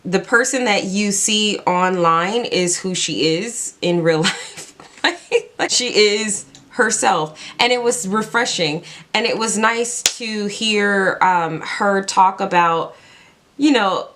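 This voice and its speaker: A woman beauty vlogger chatting casually while doing her makeup, telling stories in an excitable, chatty way with lots of "like". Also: medium pitch, slow. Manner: excitable, chatty storytelling full of "like".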